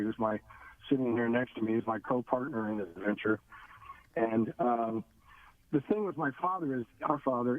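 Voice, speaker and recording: An older man, a guest in a radio interview, telling his story in a plain, steady way. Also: medium pitch, phone-quality sound.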